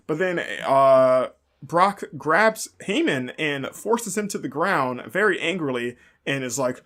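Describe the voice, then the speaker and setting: A man's voice: a little high, lively intonation, unhurried, fairly bright tone. A man hosting a podcast, giving a casual, rambling recap and leaning heavily on "like" and other fillers. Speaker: podcast host.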